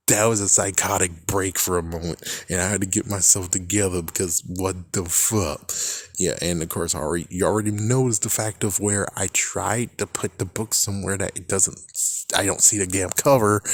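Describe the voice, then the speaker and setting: A man's voice: low-pitched, no echo. A young man talking in a casual, rambling monologue, swearing a lot and laughing often. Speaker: vlogger.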